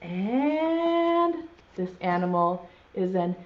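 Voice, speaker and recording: A woman leading a virtual preschool circle time as teacher, cheerful and sounding out letters slowly for small children. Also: mid-range voice, big pitch swings, muffled recording.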